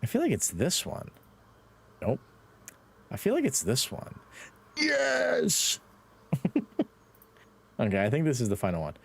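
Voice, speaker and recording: Lively Irish man streaming a game. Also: mid-range voice, fairly quick, long pauses. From Ireland. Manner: playful, swears, laughs, talks to chat. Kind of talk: live gaming stream chat.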